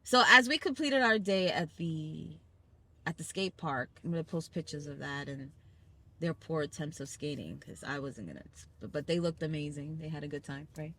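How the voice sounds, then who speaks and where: A woman's voice: deep voice, normal speed. A woman from Brooklyn with a New York accent, hosting a casual family chat in a car and telling stories with emphatic energy and acted-out quotes. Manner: animated storyteller, acting out quoted people, emphatic. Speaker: podcast host. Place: car on a school commute.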